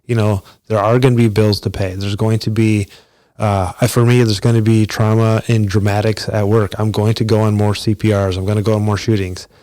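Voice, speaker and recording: A middle-aged man speaks in a somewhat low register, hosting his own podcast. His delivery is loose and conversational, full of small restarts. The sound is dry and close, with no room around it. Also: flat delivery, brisk, mellow, dry recording. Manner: conversational with frequent restarts and fillers. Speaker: podcast host. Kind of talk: solo podcast monologue.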